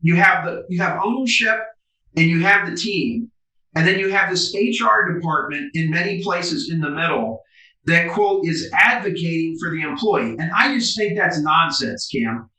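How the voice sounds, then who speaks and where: Bright-voiced man on a roomy video call. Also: a little high, moderate pace, distant mic. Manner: emphatic, animated storyteller. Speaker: guest business coach. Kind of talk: interview over video call.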